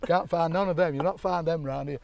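A man with a Northern English accent voicing a gruff old Chesterfield local who insists on sending him somewhere else. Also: a little high, a little fast, a little mellow, no room sound, voice pushed up. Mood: insistent. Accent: Derbyshire. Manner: insistent, brushing off the question.

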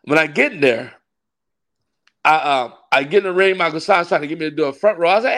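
A man, a pastor, tells a long story in a relaxed interview. His voice sits a little high, and he is animated, often laughing as he acts out the people in his story. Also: a little fast. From California. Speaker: pastor and wrestling ring announcer.

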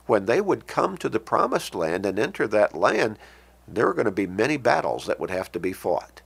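A man preaching a sermon, reading scripture with emphasis and explaining it in a measured, pausing way. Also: lowish voice, big pitch swings, vocal fry, breathy edge. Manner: emphatic, rising on scripture quotes, pausing and restarting.

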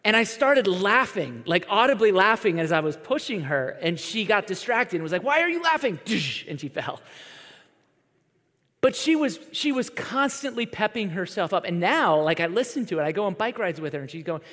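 A man in his thirties preaching a sermon as a pastor, talking in a conversational, animated way and acting out quoted voices as he tells stories. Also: sits high, normal speed. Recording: long reverb of a large hall.

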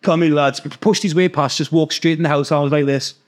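A man with a Geordie accent telling a long, animated story in casual chat, swearing freely and acting out the other people's voices. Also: on the high side, brisk. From North East England. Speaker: podcast guest storyteller.

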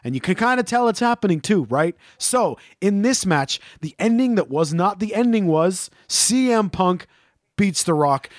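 A man in his thirties spins a rowdy story in casual conversation, swearing freely and bursting into chants. His voice sits high for a man, and the recording is dry and close. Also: normal speed, no echo. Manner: animated, profane, acts out chants and shouts.

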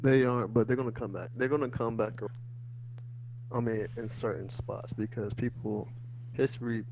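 Slangy young man, halting speech. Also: medium pitch, steady tone, creaky, darkish tone, slight background noise, poor audio. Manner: slangy, halting, repeats words. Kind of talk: casual chat.

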